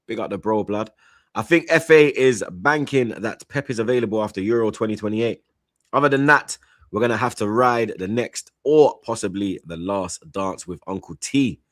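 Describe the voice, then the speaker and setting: A man chatting casually on a football stream, rambling through shout-outs with slang and repeated "you get me". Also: fairly low pitch, normal speed, no echo, clean studio sound. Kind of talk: casual chat, reading out super chats.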